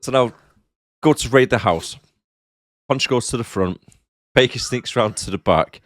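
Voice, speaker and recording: A man's voice: medium pitch, a little slow, dry recording. A man co-hosting a movie podcast, retelling scenes bluntly with dry, casual swearing asides. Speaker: podcast co-host. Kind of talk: casual movie recap chat.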